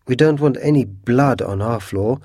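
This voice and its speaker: A man's voice: medium pitch, normal speed, mellow, no room sound, studio quality, natural voice. A man voicing a genteel, easily alarmed mother who talks in prim exclamations.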